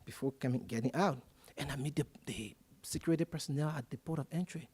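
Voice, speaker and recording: A man's voice: on the high side, fairly quick. A man from Liberia, telling a personal story as a panel speaker at a public forum and acting out the conversations in it. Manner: animated storyteller acting out quoted dialogue.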